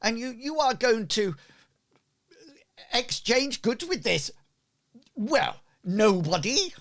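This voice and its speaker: A man's voice: extremely high pitch, lively intonation, slow, fairly bright tone, voice pushed up, exaggerated voice. A man voicing a haughty male merchant who takes offense easily and talks down to strangers. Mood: indignant. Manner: indignant, sniffy.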